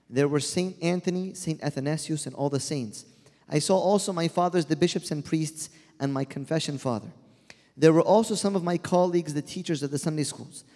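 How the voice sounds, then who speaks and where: A man reads a devotional first-person story in a measured, earnest way. His voice sits a little high, and a long reverb trails each phrase as if in a large hall. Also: a little mellow. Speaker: reader.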